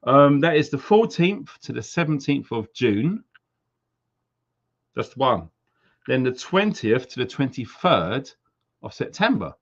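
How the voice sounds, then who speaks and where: Speaking slowly with long pauses and big swings in his mid-range voice, a Welsh man hosts a live stream, casually shouting out viewers and their locations. He's jokey and chatty, trying on silly accents, over somewhat dull lo-fi audio.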